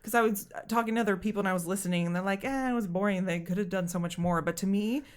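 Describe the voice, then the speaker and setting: A woman co-hosting a podcast, chatting casually about a movie, laughing often and acting out scenes in quick little voices. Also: mid-range voice, steady tone. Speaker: podcast co-host. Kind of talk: casual movie review chat.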